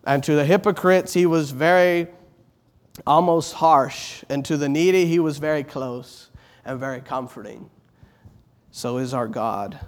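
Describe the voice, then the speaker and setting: A middle-aged man preaches an earnest sermon at a moderate pace and fairly high pitch. He repeats words as he builds, growing loud on exalted phrases and going soft on tender ones.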